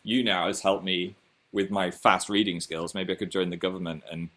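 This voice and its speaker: This young man's low voice is flat in delivery, at normal speed and fairly bright in tone. With a Northern English accent, he casually hosts his own livestream, reading viewer comments aloud with chatty self-mockery.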